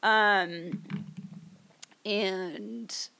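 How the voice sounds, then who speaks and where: A woman's voice: medium pitch, fairly even intonation, very slow, gravelly, bright, forceful tone. A woman co-hosting a podcast at a table during a livestream, chatting casually and rambling with lots of fillers. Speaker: podcast co-host. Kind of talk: casual chat.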